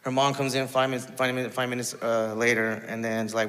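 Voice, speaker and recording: A man telling his personal testimony in a casual storytelling way, halting, with many restarts and quoted asides. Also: mid-range voice, completely flat delivery, fairly bright tone, in a large hall.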